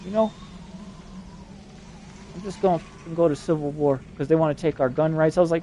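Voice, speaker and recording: A man talking in a rambling, heavily profane monologue that climbs higher when he gets worked up. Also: brisk, pauses often, slight background noise. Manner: excitable, voice climbs when agitated.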